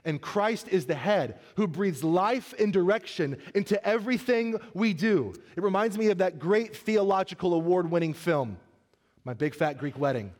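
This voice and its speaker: A man as pastor, preaching a sermon, telling a funny story and then turning earnest and soft. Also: sits high, animated, moderate pace, in a large hall.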